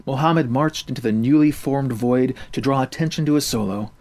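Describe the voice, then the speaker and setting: A man narrating a story in a steady, even reading voice. His pitch sits in a middle range for a man. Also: normal speed.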